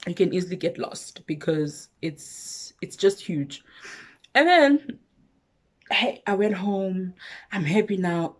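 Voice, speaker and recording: A young South African woman vlogger telling a personal story in a casual, animated way, acting out both sides of a conversation. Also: mid-range voice.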